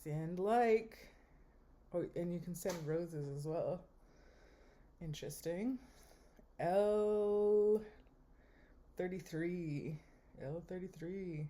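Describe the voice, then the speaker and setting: A young woman giving wry, deadpan running commentary while swiping through a dating app. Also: lowish voice, very slow, long pauses. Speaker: vlogger.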